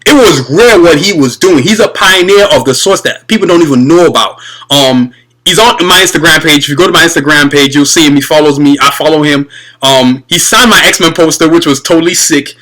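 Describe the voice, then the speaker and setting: A young man hosting his own show, chatting casually and excitedly to his viewers about cartoons, rambling and calling them y'all. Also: on the high side, fairly quick, rough recording. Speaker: video podcast host. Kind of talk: casual fan commentary.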